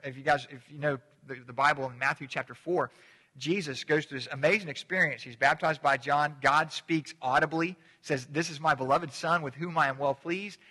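Man preaching in church, chatty sermon style, lots of restarts, bright tone, big echoey hall. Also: fairly high pitch. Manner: conversational, repeats words when restarting. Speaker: pastor. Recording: long hall reverb.

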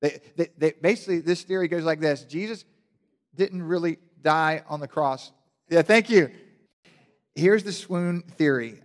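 Guy preaching loose and jokey, kinda high voice, big echoey hall. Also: moderate pace. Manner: casual, animated preaching with joking asides and frequent restarts. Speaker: pastor. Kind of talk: sermon. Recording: long hall reverb.

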